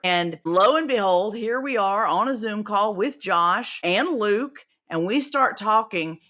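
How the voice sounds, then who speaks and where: A woman's voice: mid-range voice, animated, moderate pace, pushed and bright. A woman hosting a podcast interview, chatty and telling stories with feeling. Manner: chatty storyteller, emotional about her work. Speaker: podcast host. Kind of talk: casual conversational interview.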